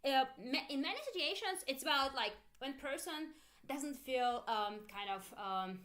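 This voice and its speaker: Woman, Russian native speaker, English teacher, online lesson, very animated intonation, repeats lines for learners. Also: high-pitched, unhurried.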